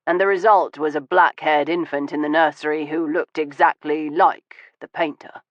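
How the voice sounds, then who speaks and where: A man voicing a wounded, weary Victorian gentleman who speaks in a low, measured and bitter way in an audiobook. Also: fairly even intonation, no echo, lightly acted. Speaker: audiobook voice of a male character. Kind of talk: audiobook dialogue reading. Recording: dull, dry studio audio.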